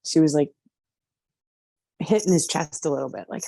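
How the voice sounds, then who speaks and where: Woman w a low mellow voice, therapy client, halting and repetitive, dry sound. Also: creaky, no room sound. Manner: halting, repetitive, many "like" fillers. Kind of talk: emotional guided recall.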